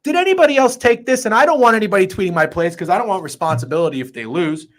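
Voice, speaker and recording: A man hosting a sports betting show, talking in an excitable, profane, rambling way. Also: high-pitched, rapid-fire. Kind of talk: casual sports betting chat.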